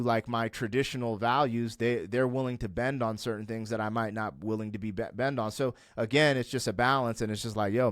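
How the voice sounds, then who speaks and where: A middle-aged man talking candidly as a guest in a conversation, emphatic and animated, climbing to fervent peaks as he rants. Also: mid-range voice, no room sound, studio quality. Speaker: podcast guest.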